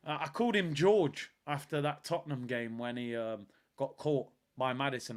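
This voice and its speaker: A man's voice: mid-range voice, normal speed, few pauses. A man hosting a live football watch-along stream, talking emphatically in casual chat, repeating lines for effect and answering viewers' comments.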